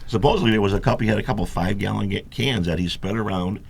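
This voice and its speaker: A man's voice: lowish voice, very fast, gravelly, husky. A man on a talk show, musing in an incredulous, casual way. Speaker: show regular. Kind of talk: casual comedic chat.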